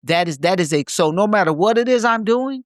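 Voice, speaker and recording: A man's voice: high voice, expressive, fairly quick, no room sound, clean studio sound. A man co-hosting a podcast in a reflective, casual conversation, speaking emphatically and repeating phrases to drive his points home. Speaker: podcast co-host.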